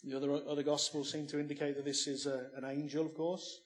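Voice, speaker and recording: A man's voice: fairly high pitch, level tone, fast talker. A man preaching a sermon, emphatic, often ending points with rhetorical questions.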